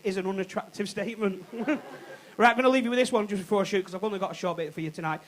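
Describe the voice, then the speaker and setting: A man's voice: high voice, racing, a bit bright, slight background noise, low-quality recording. A man doing a cheeky stand-up comedy routine on a comedy club stage, swearing and laughing at his own jokes.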